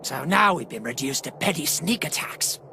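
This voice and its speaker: An actor voicing a cocky male alien soldier in an English anime dub, with a gravelly voice. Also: fairly high pitch, expressive, moderate pace. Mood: taunting, shouting. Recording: battle clip with loud noise.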